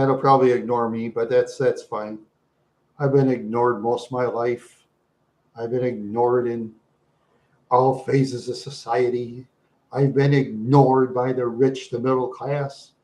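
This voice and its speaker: A man hosting a livestream, chatting loosely with his viewers, repeating himself and saying "yeah" a lot. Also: mid-range voice. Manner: rambling, repeats "yeah" and laughs often. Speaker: livestream host. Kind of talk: rambling livestream chat with viewers.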